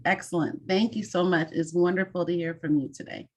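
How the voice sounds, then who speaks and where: A woman's voice: lowish voice, fairly even intonation, brisk, darkish tone. A woman hosting an online mentoring session over a video call, giving friendly, direct instructions with some fillers.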